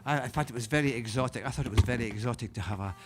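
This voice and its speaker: A man's voice: mid-range voice, racing, noisy background. A man with a Scottish accent, a singer-songwriter hosting a live music show, chatting casually and telling homely stories between songs. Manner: relaxed and rambling, gentle chuckles, homely storytelling.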